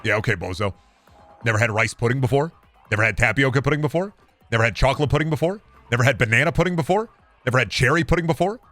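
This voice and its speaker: Fast, sarcastic ranting male streamer. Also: medium pitch, expressive, fairly bright tone, soft background music. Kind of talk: casual live-stream chat.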